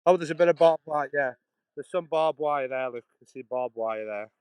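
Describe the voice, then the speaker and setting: A man's voice: a little high, normal speed, darkish tone, clean tone, no room sound, low-quality recording. Chatty Potteries-accented man walking outdoors. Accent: Stoke-on-Trent Potteries, dropped H's. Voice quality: chatty, laughing, restarting phrases. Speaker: vlogger live-streaming a walk. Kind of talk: rambling live-stream chat to viewers. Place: outdoors on a muddy canal-side path. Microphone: phone held while walking.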